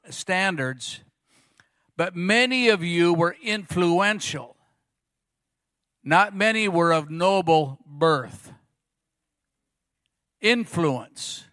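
A middle-aged male pastor preaching a sermon, telling stories with animated quoted voices. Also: a little high, dry recording, studio quality. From Arizona.

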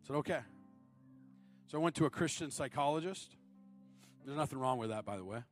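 A man in his thirties preaching a sermon, moving between loud, high-pitched appeals and low, confiding storytelling. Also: expressive, brisk, soft background music. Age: 30s. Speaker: guest preacher.

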